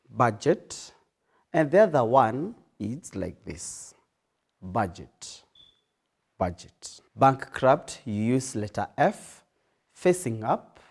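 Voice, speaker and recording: A man's voice: mid-range voice, a little mellow. A man teaching sign language, who names each word and repeats it several times while he demonstrates the sign. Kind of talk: slow instructional demonstration.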